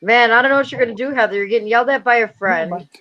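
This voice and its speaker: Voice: mid-range voice, rapid-fire, muffled recording. A person chatting on a live stream, reacting and reading messages.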